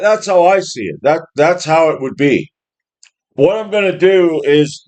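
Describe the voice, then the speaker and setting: A man's voice: fairly high pitch, darkish tone. A man in his fifties giving a blunt, profane opinion monologue, often restarting his sentences and mocking others in put-on quotes. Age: 50s. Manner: restarts and repeats words often. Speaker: home gym channel host.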